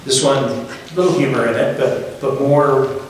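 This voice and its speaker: A middle-aged man giving his father's eulogy at a funeral, speaking in a halting, reflective way with gentle humor. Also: medium pitch, steady tone. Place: funeral chapel. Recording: very echoey hall from far off, faint noise.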